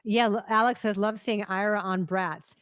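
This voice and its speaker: A woman's voice: medium pitch, steady tone, moderate pace, a bit bright, clean tone, no echo, clean studio sound. A woman co-hosting a live movie news stream, chatting casually and greeting viewers by name, with frequent ums.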